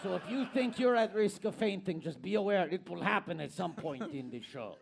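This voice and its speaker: A man's voice: high-pitched, expressive, brisk, creaky, noisy background. A man co-hosting a live comedy talk show, teasing in a wry tone.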